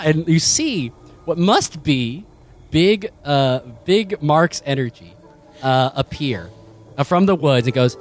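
Laughing, lively game master. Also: male voice, fairly high pitch, measured pace, soft background music. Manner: laughing often, loose and rambling with fillers. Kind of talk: narrating a tabletop game.

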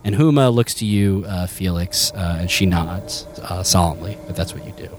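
A man's voice: sits low, moderate pace, slight background noise. A man narrating as game master of a tabletop game, rambling loosely and laughing often.

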